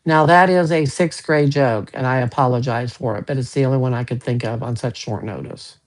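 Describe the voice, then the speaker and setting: Gentle joking tarot-reading man. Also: mid-range voice, a little fast. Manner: gentle, joking, folksy asides. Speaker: tarot card reader. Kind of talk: casual live card reading.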